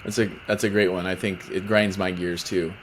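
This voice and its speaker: A man's voice: low-pitched, flat delivery, moderate pace, a little hiss or hum. A man hosting a casual podcast interview, asking lighthearted questions in a playful way. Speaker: podcast host.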